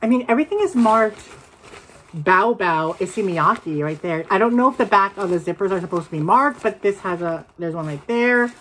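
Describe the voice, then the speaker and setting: A woman chatting casually as she unboxes and reviews secondhand bags, excitable and quick to gasp and laugh. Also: medium pitch, a little hiss or hum. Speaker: reseller vlogger.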